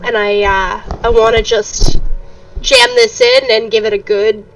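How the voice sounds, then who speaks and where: A woman's voice: medium pitch, fairly even intonation, unhurried, a bit bright, recorded from a distance, slight background noise, rough recording. A woman playing a tabletop game, talking hesitantly with many fillers. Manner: hesitant, full of fillers, swears. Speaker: player. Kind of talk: casual tabletop game play.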